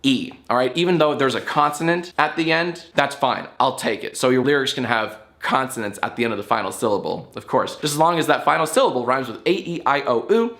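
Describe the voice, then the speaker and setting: A man hosting his own YouTube show, talking casually to the camera in a playful way, with his pitch jumping up and down as he spells things out. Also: animated, a little fast, hardly any pauses, fairly bright tone.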